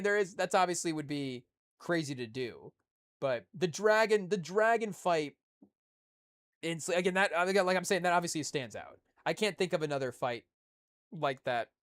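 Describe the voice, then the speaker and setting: A man's voice: on the high side, no room sound. A man hosting a podcast, chatting on his own in a rambling way with lots of fillers and restarts, talking to his live chat. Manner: talks to a live chat audience. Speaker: podcast host. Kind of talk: casual solo chat.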